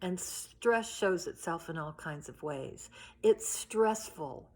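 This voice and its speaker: A woman's voice: fairly low pitch, expressive, slow. A middle-aged woman giving a heartfelt recorded address to teachers from her home, telling stories in an earnest way. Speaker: union leader addressing teachers.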